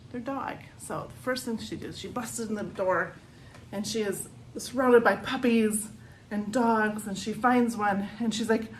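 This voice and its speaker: Woman, youth librarian, animated book talk, chatty storytelling, home porch outdoors, faint background hiss. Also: lowish voice, poor audio.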